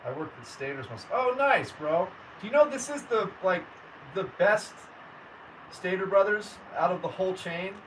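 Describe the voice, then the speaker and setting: This is a man in his forties, the host of a casual livestream, chatting warmly with his viewers and reading out their names as he goes. His voice sits a little high for a man. He's picked up from some distance, with a faint hum of background noise. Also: lively intonation, normal speed. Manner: friendly, chatty, addresses viewers by name.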